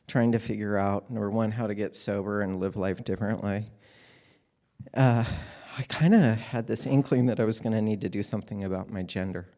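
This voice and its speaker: Candid man telling a wry story. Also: lowish voice. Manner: candid, wry, animated retelling. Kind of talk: live personal storytelling.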